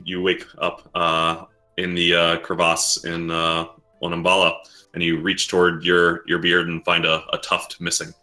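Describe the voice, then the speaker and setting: A man narrating a tabletop game as dungeon master, halting with frequent fillers. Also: low voice, completely flat delivery, sharp tone, soft background music.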